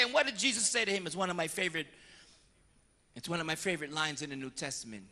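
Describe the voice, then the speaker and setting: A man preaching with a bright, forceful tone and a voice that leaps up and down in pitch. He tells his story with energy and acts out little confession scenes. The sound carries a long reverb from a large hall. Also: quick pace. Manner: animated storyteller, slipping into voices of penitents and priests. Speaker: priest. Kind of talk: lively sermon with acted-out confession dialogues.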